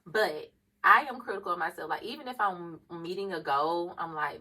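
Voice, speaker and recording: A woman's voice: on the low side, moderate pace, pushed and bright, recorded from a distance, poor audio. A woman co-hosting a casual podcast chat, talking reflectively about herself and laughing often. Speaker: podcast co-host.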